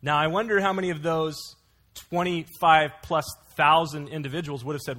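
Guy preaching a sermon, bit higher voice, earnest, tells little stories between verses. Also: fairly even intonation, moderate pace, pushed and bright. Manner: earnest expository preaching with anecdotes.

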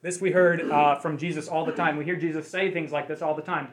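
A man's voice: fairly high pitch, fairly even intonation, fairly quick. A man leading a Bible study group, teaching conversationally and asking the class questions.

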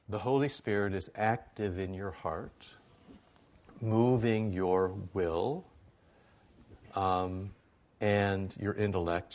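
Conversational male preacher, low voice. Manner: conversational, asks congregation "right?". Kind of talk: sermon.

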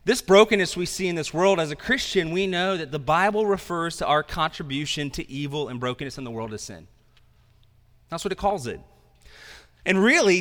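A man's voice: fairly high pitch, a bit bright, long reverb tail. A man preaching a sermon as pastor, talking in a conversational way with self-deprecating asides.

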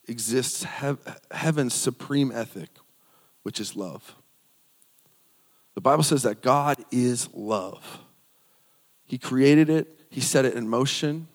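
A man's voice: medium pitch, long reverb tail. A man preaching a sermon, reading scripture aloud and repeating phrases for emphasis.

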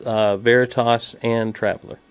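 A man's voice: medium pitch, flat delivery, moderate pace, clean tone, dry recording. A man co-hosting a casual podcast, making wry jokes and reading a listener email sincerely. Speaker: podcast co-host.

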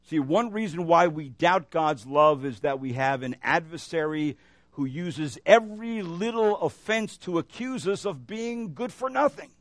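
A man's voice: on the high side, measured pace, no room sound. A male pastor preaching a sermon, moving between emphatic declarations and a casual storytelling manner with frequent fillers. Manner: animated preaching with rising emphasis and storytelling asides.

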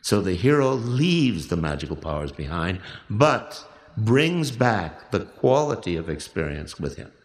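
A man with a low voice explains a workshop exercise in a measured, reflective way. He often restarts a phrase before finishing it, and the room around him sounds echoey. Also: very animated. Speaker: workshop leader. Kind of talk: guided instruction for a recorded exercise.

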